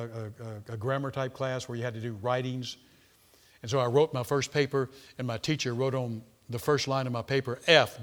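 A middle-aged man preaching a sermon, emphatic, repeating words and swinging from loud to quiet. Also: medium pitch. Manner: emphatic, repeats words, rises and falls sharply in loudness.

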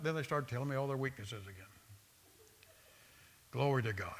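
A man's voice: medium pitch, moderate pace, pauses often. A man preaching a sermon, with an emphatic, repetitive cadence that builds through lists of phrases.

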